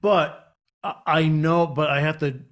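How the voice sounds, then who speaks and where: A man's voice: on the high side, steady tone, unhurried, a bit bright. A man hosting a live stream, chatting casually and rambling with lots of fillers. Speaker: host of a live channel.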